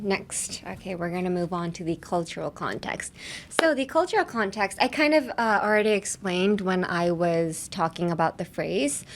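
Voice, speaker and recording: A young woman hosting a casual podcast lesson, chatty, laughing often and explaining pronunciation step by step. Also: medium pitch. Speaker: podcast host and English teacher.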